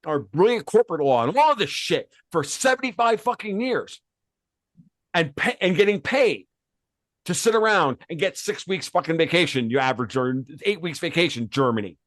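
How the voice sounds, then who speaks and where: A man's voice: on the high side, expressive, normal speed, fairly bright tone, no echo, studio quality. Profane ranting man podcast host. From United States. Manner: profane, emphatic, repeats words and restarts. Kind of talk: heated political rant.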